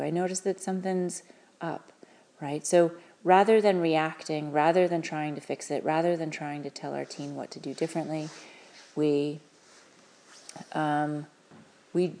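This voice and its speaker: A woman giving parents earnest, gentle advice, talking with frequent fillers and restarts. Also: low-pitched. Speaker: parenting advisor.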